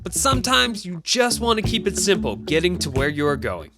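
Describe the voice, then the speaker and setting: A man narrating a scripted travel segment in an even, informative voice-over. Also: sits high, brisk, over music.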